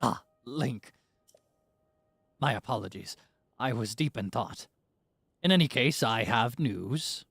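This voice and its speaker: Guy doing a gravelly pirate-y fish-man scholar, all grand and pompous, dry close mic. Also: medium pitch, lively intonation, slow pace, long pauses, a bit bright, no echo, full character voice. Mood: grandiose. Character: pompous male fish-folk historian, scholarly.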